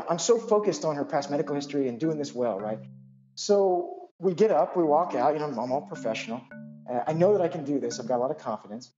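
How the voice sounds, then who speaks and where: A male physician telling a personal anecdote in an animated, self-deprecating way, full of asides. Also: a little high, dull audio.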